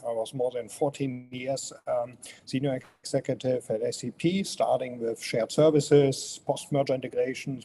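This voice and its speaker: A man's voice: medium pitch, dark tone. A man in his fifties with a strong German accent, speaking as an interview guest, friendly and hesitant with many fillers. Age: 50s. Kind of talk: casual interview.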